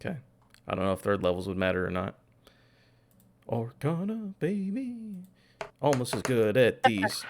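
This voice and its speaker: A man's voice: deep voice, fast, gravelly. A man playing a tabletop role-playing game, chatting casually and joking with his group. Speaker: player.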